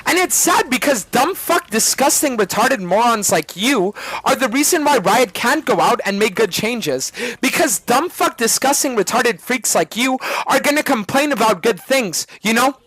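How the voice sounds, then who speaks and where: Male streamer, heated profane rant, very animated pitch, dead dry room. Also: moderate pace, hardly any pauses, husky, dry recording. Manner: profane, ranting, argumentative.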